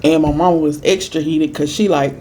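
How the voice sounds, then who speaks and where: Mellow-voiced woman telling a story. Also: low-pitched, fairly quick, a little hiss or hum. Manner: chatty, emphatic repeats, lively quoted voices. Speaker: food vlogger. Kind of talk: casual storytime while eating.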